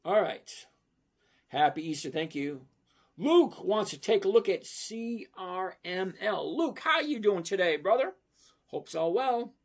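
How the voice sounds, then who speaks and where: Male livestream host, unhurried and emphatic, conversational delivery. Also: high voice, expressive. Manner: slow, emphatic, repeats "okay?" to check understanding. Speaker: livestream host answering viewer questions. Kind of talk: casual livestream chat about stocks.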